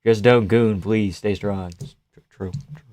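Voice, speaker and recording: A man hosting a live fight reaction stream, chatting casually with viewers, reading chat and cursing as he yells at the action. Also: on the low side, fairly even intonation, takes it slowly. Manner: swears freely, yells at the fight; reads and answers chat. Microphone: desk mic, gain adjusted live.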